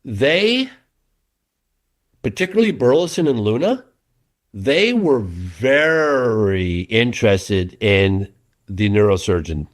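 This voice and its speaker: A middle-aged documentary filmmaker chatting as a guest in an interview, an animated and earnest storyteller. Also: male voice, fairly low pitch, takes it slowly. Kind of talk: casual interview chat.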